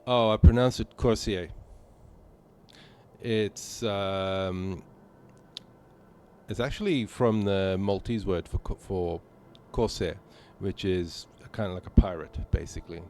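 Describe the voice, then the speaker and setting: A man's voice: sits low, fairly even intonation, unhurried, darkish tone, slight background noise. A man from Malta chatting casually with viewers while playing a game on a live stream, rambling with many fillers. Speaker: gaming streamer.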